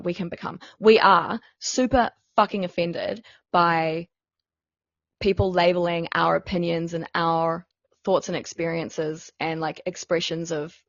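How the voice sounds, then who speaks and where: A woman co-hosting a casual podcast, talking emphatically and swearing freely with lots of "like" fillers. Her voice sits a little low and has a gravelly, creaky texture. The recording is dry and somewhat dull. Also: no room sound. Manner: fast, emphatic, swears a lot, many "like" fillers. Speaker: podcast co-host. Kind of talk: casual candid podcast chat.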